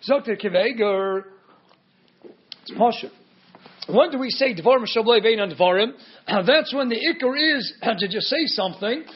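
Male Torah teacher, very high-pitched, rhetorical question-and-answer lecture style, muffled lo-fi sound. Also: lively intonation, normal speed, pauses often, slightly rough. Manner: mixes Hebrew and Aramaic terms into English. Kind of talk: Talmud lecture.

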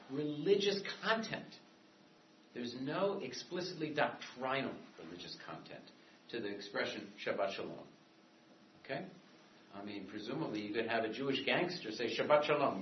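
Man, classroom lecture, rambling asides, echoey room, faint background noise. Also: mid-range voice. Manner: discursive, conversational, with frequent asides and restarts. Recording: echoey room from a distance, dull and muffled.

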